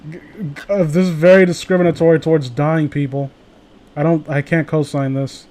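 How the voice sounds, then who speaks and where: Young male host, high voice, sarcastic, profane, comedic read-through. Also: steady tone, brisk, a little mellow. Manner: sarcastic, swears, laughs, mock voices for quotes. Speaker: host reading fan fiction aloud. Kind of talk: casual comedic reading and commentary.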